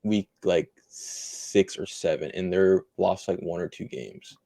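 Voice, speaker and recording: A man co-hosting a casual sports podcast, spinning bold predictions in a lively way with lots of "like" fillers. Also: deep voice, slow, gravelly, dry recording, clean studio sound. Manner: animated, spins bold predictions with frequent "like" fillers. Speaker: podcast co-host.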